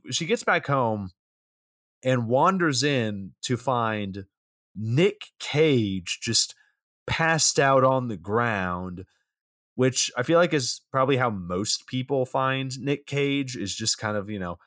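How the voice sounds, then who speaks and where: A man's voice: medium pitch, expressive, slow, fairly bright tone, no echo, studio quality. A man co-hosting a podcast, casually recapping a film's plot with easy chuckles and a loose, chatty delivery. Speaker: podcast co-host reviewing a film. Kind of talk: casual chat.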